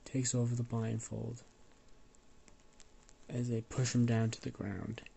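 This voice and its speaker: A man's voice: medium pitch, completely flat delivery, slow, creaky, warm tone, a little hiss or hum. A man with a cold telling an improvised story in a loose, rambling way, coughing now and then. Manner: rambling, loose, with fillers and swearing.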